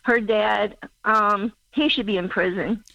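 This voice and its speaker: A woman in her sixties from Missouri, calling in to a talk show and speaking haltingly as she searches for words. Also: medium pitch, vocal fry, sharp tone, no echo. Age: 60s. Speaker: caller. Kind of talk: call-in talk show caller. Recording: muffled phone call.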